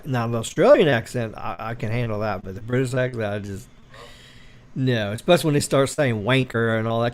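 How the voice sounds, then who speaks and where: A man's voice: medium pitch, a little hiss or hum. Casual man hosting a tech livestream. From United States. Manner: rambling, reads viewer comments aloud, explains wireless tech.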